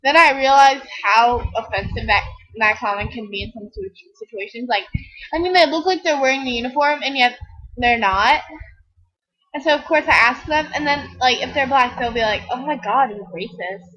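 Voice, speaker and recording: Giggly high-voiced teen girl rambling. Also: moderate pace, a bit bright, dull audio. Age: teens. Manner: giggly, rambling, self-mocking, acts out quoted people. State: tired from little sleep. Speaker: gaming video creator. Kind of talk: rambling casual chat over gameplay.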